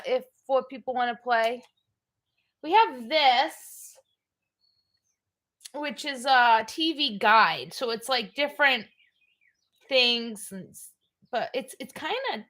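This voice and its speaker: This livestream host is a middle-aged woman whose voice sits a little high with a fairly bright tone. Her casual chatter is blunt and wanders.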